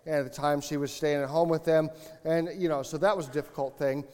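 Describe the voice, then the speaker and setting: A male pastor giving a conversational sermon in a chatty, relaxed way, often correcting himself mid-sentence and adding asides. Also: on the high side, fast talker, clean tone, big-room sound.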